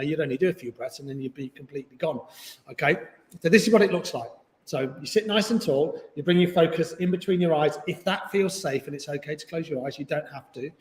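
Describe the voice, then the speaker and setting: A man teaching a yoga class online, chatty and encouraging, with jokes about himself. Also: a little high. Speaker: yoga instructor. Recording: echoey room with long reverb.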